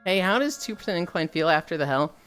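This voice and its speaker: A young woman streaming while she walks on a treadmill, telling a story in a casual, animated way with swearing, sounding a little tired. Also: fairly low pitch, fast, soft background music. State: slightly tired from walking.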